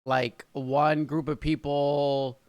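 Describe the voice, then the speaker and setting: An American man hosting a reaction video, casually chatting in an excitable, rambling way with plenty of swearing. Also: fairly high pitch, slow, clear, resonant tone, no echo, lo-fi sound. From United States.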